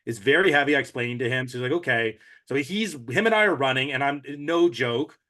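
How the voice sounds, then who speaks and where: A man's voice: medium pitch, animated, brisk, sharp tone. Earnest man reflecting emotionally. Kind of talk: casual conversational recap.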